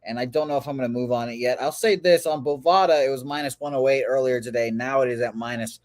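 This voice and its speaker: A man's voice: mid-range voice, quick pace, no echo, clean studio sound. Nasal-voiced man breaking down betting odds. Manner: blunt, joking, quotes stats and odds. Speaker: sports betting co-host. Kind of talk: casual betting talk.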